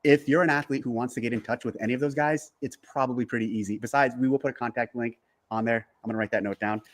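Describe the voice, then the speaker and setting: A man calmly explaining in a measured, reassuring way in a played clip. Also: mid-range voice. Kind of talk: casual explaining.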